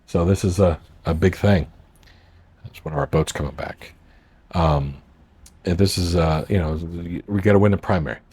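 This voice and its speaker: A man's voice: deep voice, steady tone, moderate pace, long pauses, a little mellow, husky. A man telling the story of his political campaign in a casual, rambling way, acting out what people said to him. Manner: rambling, acts out quoted dialogue. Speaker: political candidate and marina owner. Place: at a marina boat club.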